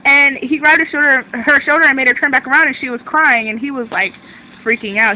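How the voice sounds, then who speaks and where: Excitable young woman rambling on webcam, bright voice, faint traffic noise in the room. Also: high voice, a little fast, low-quality recording. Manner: excitable, rambling, self-interrupting. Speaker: drama reviewer. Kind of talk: casual chat recap.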